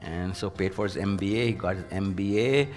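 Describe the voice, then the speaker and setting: A man with a fairly low voice tells an earnest, anecdotal story about his working life, his delivery turning animated when he quotes other people. His speech rings with a long reverb, and faint music plays underneath. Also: fairly quick. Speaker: former university president, leadership speaker. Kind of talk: storytelling in an interview.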